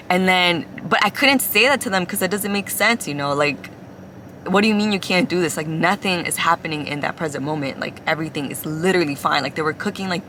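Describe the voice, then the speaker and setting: Low-voiced young woman rambling in a car. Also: sharp tone, slight background noise. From Ecuador, then the US. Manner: rambling and confiding, many "like" fillers. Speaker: vlogger. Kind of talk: confessional casual chat. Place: inside a car.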